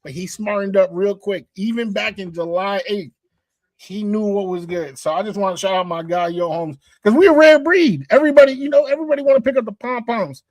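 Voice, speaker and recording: A man's voice: high-pitched, brisk, darkish tone, no room sound. A man co-hosting a casual sports talk show, laid-back and slangy. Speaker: podcast co-host.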